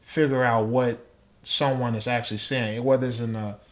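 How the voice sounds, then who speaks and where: A man's voice: mid-range voice, flat delivery, normal speed. A man as a podcast guest, talking thoughtfully in casual chat and acting out small exchanges. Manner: thoughtful, acts out little dialogues.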